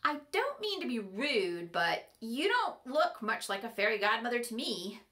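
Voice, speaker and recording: A woman's voice: on the high side, big pitch swings, a little slow, pushed and bright, full character voice. Woman reading a defiant, stubborn teenage girl. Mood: teasing. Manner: blunt, teasing.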